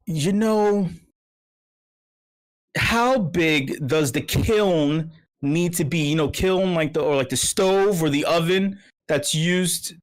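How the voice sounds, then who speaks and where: A man's voice: fairly high pitch, slow pace. Profane, rambling man hosting a meetup. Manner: rambling, profane comic rants with many restarts. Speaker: meetup host. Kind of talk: casual livestream chat.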